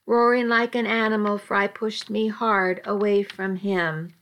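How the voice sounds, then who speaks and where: Woman narrator, slow, medium pitch, dramatic first-person story. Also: fairly even intonation, fairly bright tone.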